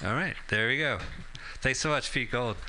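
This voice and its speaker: A man's voice: medium pitch, moderate pace, bright, forceful tone, slight background noise. A man hosting a community radio show, chatting casually and rambling with many hesitations. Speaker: radio host.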